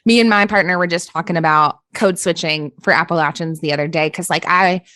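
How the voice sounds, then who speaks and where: A woman with a Western North Carolina accent hosts a casual interview in a somewhat low voice. She sounds eager and agreeable, recorded on a dry close mic. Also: a little fast, sharp tone, no room sound. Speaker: podcast host.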